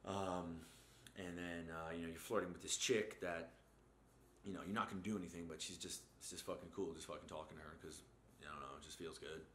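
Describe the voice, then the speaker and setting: Man, bright forceful voice, low-ish pitch, blunt profane motivational rant, echoey room. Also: fairly even intonation, a little fast, slight background noise. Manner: blunt, profane, heavy swearing, mocking asides. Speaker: host.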